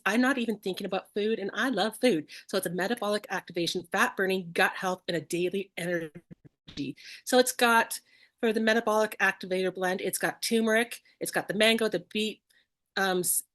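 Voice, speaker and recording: A woman's voice: mid-range voice, a bit bright. A woman co-presenting an online class over a video call, bubbly and tripping over ingredient names.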